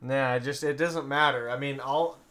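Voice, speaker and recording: A man's voice: medium pitch, steady tone, normal speed, a bit bright. A man co-hosting a podcast in casual chat, mostly chiming in with short agreements and blunt jokes. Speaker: podcast co-host.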